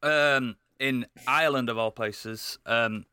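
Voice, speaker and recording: Man, bright voice, dry close sound, casual podcast chat, hesitant. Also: medium pitch, slow, clean tone, no echo. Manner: hesitant, lots of ums. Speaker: podcast co-host.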